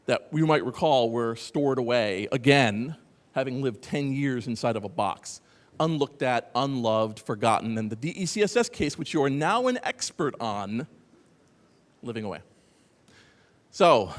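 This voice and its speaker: A man speaks at a conference in a big reverberant hall, his pitch bouncing up and down as he talks. He is sarcastic and animated and keeps drifting into asides to the crowd. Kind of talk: lively conference talk. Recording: echoey hall.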